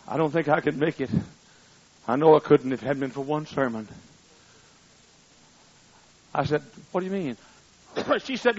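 Husky older preacher, shouting then hushed. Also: male voice, medium pitch. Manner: swings from shouting to hushed storytelling. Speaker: pastor. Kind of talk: sermon. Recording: muffled, lo-fi.

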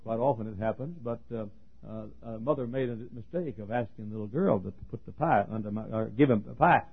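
A husky male pastor preaching a folksy, joking sermon that swings from hushed talk to shouting. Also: mid-range voice, brisk. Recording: tinny lo-fi sermon recording.

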